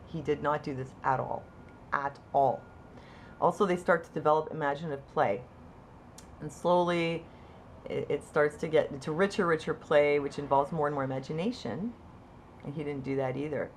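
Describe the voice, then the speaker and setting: A woman with a low voice tells her own story as a mother in a casual, personal way. She talks in halting runs with frequent restarts and lifts her voice sharply when quoting others. A faint hiss sits under the recording. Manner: conversational, halting with restarts, lively quoted asides. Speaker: mother sharing her experience. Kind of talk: casual personal account to camera.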